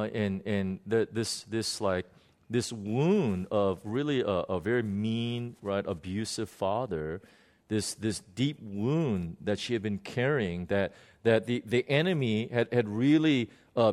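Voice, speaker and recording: A man shares a ministry story in an unscripted, earnest way. His voice sits in an ordinary middle pitch. He stumbles and restarts often as he talks. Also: darkish tone. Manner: earnest, halting, many restarts and repeated words. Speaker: minister recounting a prayer session.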